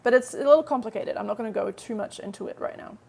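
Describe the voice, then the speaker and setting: A chatty woman teaches a Korean lesson in a live stream, walking through each point step by step. Her voice sits a little high and carries a gravelly fry. She slows right down whenever she models an English translation. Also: darkish tone.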